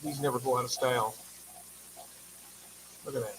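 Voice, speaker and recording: A man's voice: mid-range voice, steady tone, normal speed, noisy background. A man hosting a casual livestream, chatty and affectionate, reading viewer comments aloud and sounding tired. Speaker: livestream host.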